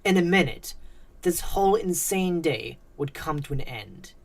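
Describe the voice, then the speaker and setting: A woman with a notably low voice reads a scripted horror story. Her delivery is measured and suspenseful. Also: lively intonation. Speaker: narrator.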